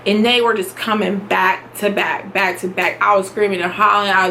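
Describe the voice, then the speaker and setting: A young woman at home telling her own story in a casual vlog, animated and quick to laugh, acting out what she shouted. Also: mid-range voice, a little hiss or hum.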